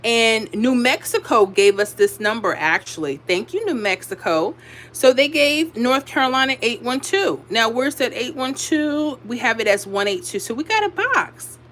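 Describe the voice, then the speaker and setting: A woman's voice: on the high side, a bit bright. A tired woman hosting a casual livestream, chatting and reading out viewer comments. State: tired from little sleep. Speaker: livestream host giving lottery predictions.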